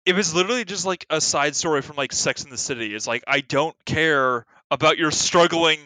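A man's voice: a little high, brisk, sharp tone, no echo. A man chatting casually about a monster movie, rambling with lots of filler words and a sarcastic edge.

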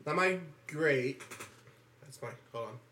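A man's voice: mid-range voice, slow, slight background noise. A young man co-hosting a casual podcast, cracking dry wisecracks, recorded with a roomy echo. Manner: wisecracking, deadpan quips. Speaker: podcast co-host. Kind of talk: casual chat.

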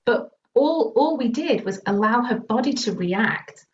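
A woman EFT practitioner and confidence coach, a guest in an interview, explaining her work through lively stories and casual swearing. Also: on the high side, measured pace. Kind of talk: conversational interview answers. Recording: distant, muffled with faint background noise.

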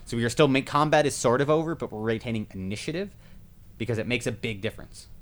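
A man's voice: medium pitch, animated, fast talker. Rambling man running a tabletop game. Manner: rambling, full of fillers and restarts. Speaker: game master.

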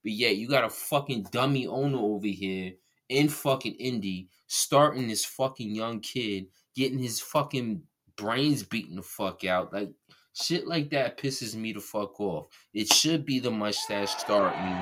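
A man's voice: fairly low pitch, lively intonation, unhurried, fairly bright tone. A man co-hosting a casual sports podcast, ranting heatedly with lots of swearing. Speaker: podcast co-host.

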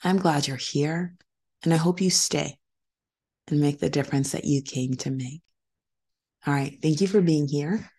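This middle-aged podcast host has a low, mellow, husky voice and speaks unhurriedly with long pauses. Her motivational monologue is earnest and encouraging, and she keeps repeating her key phrases.

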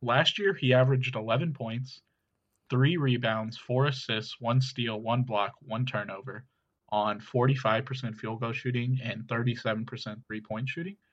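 A man's voice: medium pitch, moderate pace. Lo-fi man giving fantasy basketball analysis. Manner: steady, analytical, with many ums. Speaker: fantasy basketball podcast co-host. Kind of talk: casual sports chat.

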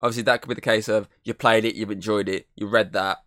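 A man's voice: fairly low pitch, steady tone, quick pace, fairly bright tone, no echo, clean studio sound. A man hosting a casual podcast chat, rambling on, swearing often and laughing easily. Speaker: podcast host. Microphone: headset.

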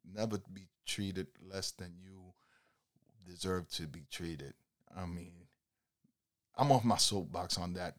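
A man's voice: low-pitched, slow pace, pauses often, a bit bright. A man telling stories from his driving and handing out life advice in a casual, preachy way. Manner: preachy, laid-back, many "you know"s. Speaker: driver telling passenger stories.

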